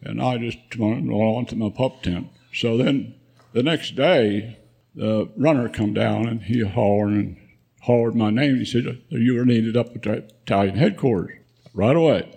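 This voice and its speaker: A man in his nineties, a veteran guest at a live event, rambles through war memories and chuckles often. His mid-range voice is unhurried, creaky and warm, with a breathy edge.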